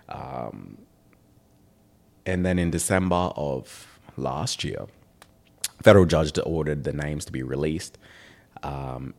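Young guy with a super low voice rambling and joking on his podcast, voice goes up and down a lot. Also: gravelly. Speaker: podcast host. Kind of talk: casual chat.

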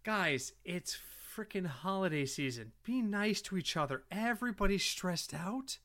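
A middle-aged man co-hosting a casual podcast, an animated storyteller who swears freely. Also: high-pitched, a little slow. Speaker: podcast co-host.

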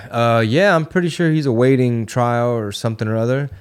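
Man, podcast co-host, slangy, profane storyteller, mid pitch. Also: moderate pace, smooth. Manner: loose, profane, slangy storyteller acting out quotes. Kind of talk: casual chat, storytelling.

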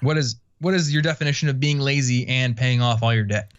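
A man's voice: mid-range voice, a little fast, clear, resonant tone. Easygoing guy hosting a podcast, lots of likes and uhs, kinda muffled lo-fi sound. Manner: laid-back, rambling with many fillers and laughs. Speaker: podcast host. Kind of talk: casual chat.

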